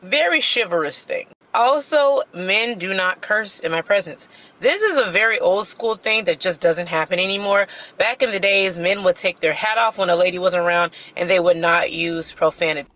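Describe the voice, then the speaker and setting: A woman speaking to camera in a social media clip, measured and self-assured. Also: lowish voice, a bit bright. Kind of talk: talking to camera.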